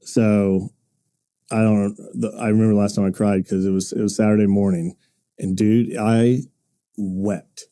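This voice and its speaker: A man in his thirties on a podcast, telling a personal story in halting, earnest bursts with frequent restarts. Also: fairly low pitch, level tone, mellow. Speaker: podcast co-host. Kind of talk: casual podcast chat.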